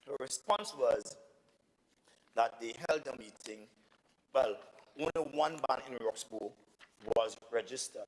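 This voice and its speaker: A man's voice: mid-range voice, in a large hall, poor audio. A man with a Tobagonian accent, an assemblyman arguing emphatically and repeating himself in a parliamentary debate. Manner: indignant, emphatic, repetitive. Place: legislative assembly chamber.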